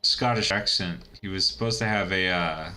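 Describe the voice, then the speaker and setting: A man's voice: low-pitched, moderate pace, bright, forceful tone. A man giving casual, rambling commentary while playing a video game, chatty and laughing at his own asides. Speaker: let's-play gamer.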